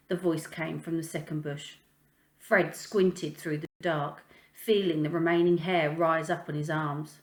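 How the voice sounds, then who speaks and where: A woman teacher reading a children's novel aloud, in a calm, even storytelling manner. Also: low-pitched, measured pace. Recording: echoey room.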